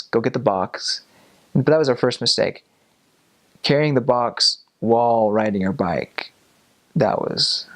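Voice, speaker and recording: A young man, a missionary, telling a casual story with animated delivery and frequent laughs. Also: mid-range voice. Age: young adult.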